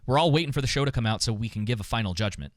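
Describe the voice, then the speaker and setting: A man's voice: mid-range voice, expressive, very fast, dry recording, studio quality. A man co-hosting a podcast, thinking aloud in a casual reaction chat. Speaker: podcast co-host.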